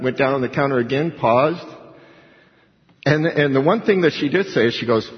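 A male pastor giving an animated sermon and acting out the voices of the people he quotes. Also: mid-range voice, moderate pace, long pauses. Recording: dull lo-fi recording with hall reverb.

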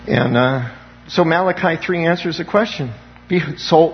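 Pastor guy preaching hard, kinda high voice, dull lo-fi recording with a faint hum. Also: lively intonation, normal speed. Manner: impassioned, calls for amens from the congregation. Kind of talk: sermon.

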